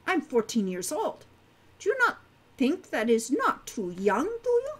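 A woman doing a prim young centaur girl from a storybook, high and lively, speaking in careful formal sentences. She sounds earnest and a little proper. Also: measured pace, exaggerated voice. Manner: formal, avoids contractions. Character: prim fourteen-year-old centaur farm girl.

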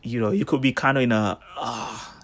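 Husky man giving a casual devotional. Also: mid-range voice, moderate pace. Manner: animated storytelling, slangy asides, laughs. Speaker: devotional host.

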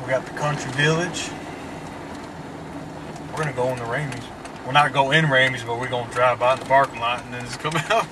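A man from Mississippi talks in an easygoing Southern drawl, hosting a driving vlog with plenty of laughter. His voice sits at an ordinary pitch for a man. Road and engine noise from a moving car is clearly heard behind him. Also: steady tone, fairly quick, long pauses, recorded from a distance. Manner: laid-back, chatty, laughs often. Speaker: vlog host. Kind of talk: casual driving vlog chat.

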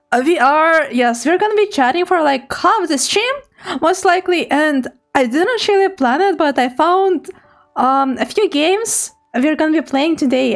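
A young woman streamer chatting casually with her live chat, giggling often, her throat a little hoarse. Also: high-pitched. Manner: giggly, laughs often, playful.

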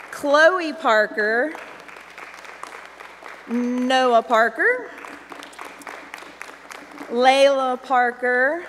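A woman's voice: high-pitched, a bit bright, a little hiss or hum. A woman, a children's ministry teacher speaking casually and affectionately to a church congregation, with filler words. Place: church sanctuary. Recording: reverberant church hall with congregation.

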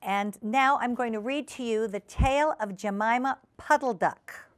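A woman hosting a community TV show, reading a children's story aloud in a gentle, unhurried way in a studio. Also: on the high side. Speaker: storyteller host.

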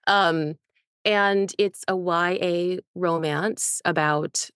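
A woman who is an audiobook narrator and author, reading a first-person novel softly and talking about her work. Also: lowish voice, steady tone, slow, clean tone, no echo, studio quality. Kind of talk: audiobook reading and interview chat.

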